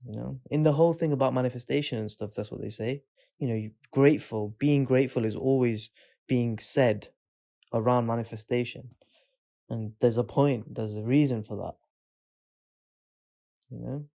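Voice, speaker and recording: A man's voice: medium pitch, moderate pace, creaky, pauses often, dark tone. A man co-hosting a podcast, talking in a laid-back, reflective way that trails off. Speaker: podcast co-host. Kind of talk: casual chat.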